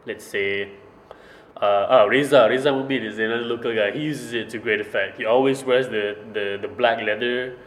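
A man's voice: mid-range voice, steady tone, normal speed, fairly bright tone, roomy sound, poor audio. A man chatting casually as a podcast host, explaining at length and repeating words as he thinks. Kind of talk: casual chat about stand-up comedy.

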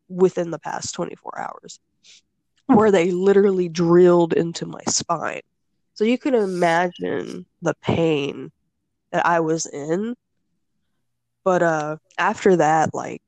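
A young woman chats casually, her voice gravelly and recorded close and dry. She tells her story loosely, full of filler words and blunt swearing. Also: fairly low pitch, darkish tone, no room sound, poor audio. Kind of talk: casual chat.

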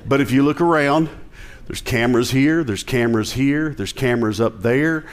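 A man's voice: medium pitch, normal speed. A male pastor with a Southern American accent, preaching a conversational sermon with jokes and emphatic rising passages.

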